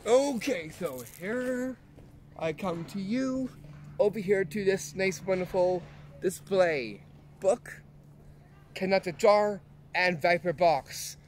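A man's voice: high voice, slow pace, a little hiss or hum. A man hosting a casual magic trick tutorial, eager and showing each step as he goes. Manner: eager, repeats "like this" while demonstrating.

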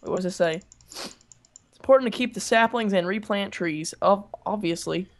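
A man's voice: sits high, moderate pace. A young man chatting casually while playing a game with a friend, joking and suspicious of the game's traps. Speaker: co-player. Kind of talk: casual gameplay chat.

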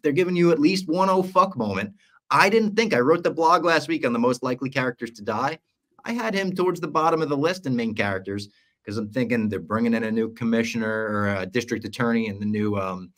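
A man hosting a podcast in casual chat, recapping a TV episode and acting out the lines he quotes. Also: medium pitch. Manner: animated storyteller, acts out the lines he quotes. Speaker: podcast host.

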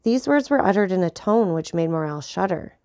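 Woman narrator, audiobook, low voice, steady clear reading, dry close recording. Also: brisk, dry recording. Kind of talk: audiobook narration of a classic novel.

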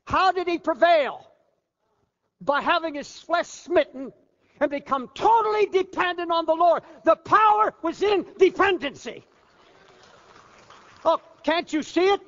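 An older man preaching a fervent sermon as pastor, sinking low and quiet at times, then rising again. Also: lively intonation, unhurried, long pauses. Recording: muffled hall recording with long reverb.

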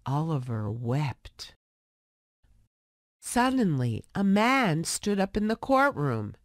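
Slow, expressive woman reading a story. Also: low-pitched, no echo, clean studio sound. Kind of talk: scripted storybook narration for English learners.

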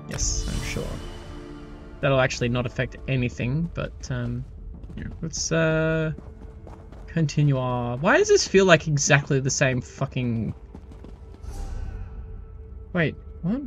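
A man's voice: mid-range voice, animated, takes it slowly, long pauses, fairly bright tone, faint music behind. A male game streamer giving casual, rambling commentary with stammered restarts and swearing.

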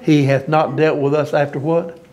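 A preacher with a drawl delivers an informal sermon in a somewhat high voice. He is folksy and emphatic, and he laughs at his own turns of phrase. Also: little pitch movement, moderate pace, a little mellow.

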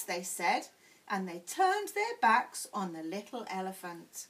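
A woman teacher reading a children's picture book aloud in a clear, expressive bedtime-story way. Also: mid-range voice, unhurried, poor audio. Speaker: primary school teacher.

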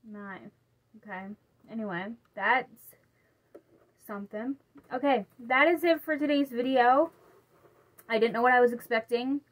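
A woman's voice: a little high, measured pace, pauses often. A young woman vlogging in a casual, chatty way, reading a Halloween story aloud and stumbling over words now and then.

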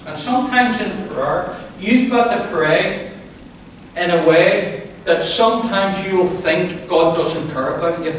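A male pastor preaching a lively sermon, playful and calling on the congregation to answer back. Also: sits high, slow, a little hiss or hum. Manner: playful, with call-and-response to the congregation. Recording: very echoey hall, voice from far off.

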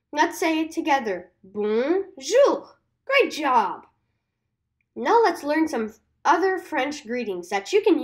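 A woman teaching simple phrases in an upbeat scripted lesson for kids, cheerful and deliberate, repeating words for listeners to say along. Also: high voice.

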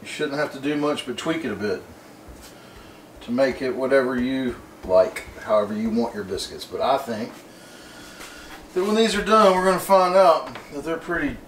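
A man's voice: medium pitch, normal speed, a little hiss or hum. Folksy man in a roomy kitchen. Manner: folksy, easygoing, rambling storyteller. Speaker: cooking show host. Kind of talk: casual cooking demonstration. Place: home kitchen. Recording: roomy kitchen, mic at a distance.

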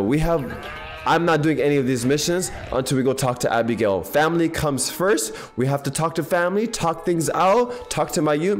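A man of Ethiopian background giving casual gaming commentary in animated, excitable, slangy banter, tired and half awake. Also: on the high side. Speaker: game streamer. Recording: voice over game audio and faint music.

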